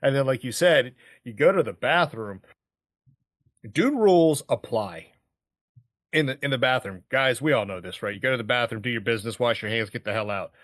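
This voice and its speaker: A man's voice: mid-range voice, fast, few pauses, fairly bright tone, no echo, clean studio sound. A man co-hosting a movie podcast, talking casually with lots of fillers and quoted reactions. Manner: rambling, many fillers, quoting lines. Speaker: podcast co-host.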